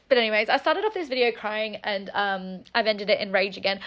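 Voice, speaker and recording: A woman's voice: fairly high pitch, a bit bright. A young woman telling a story-time vlog in a heated way, swearing often and filling her talk with likes and ums. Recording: dull lo-fi audio.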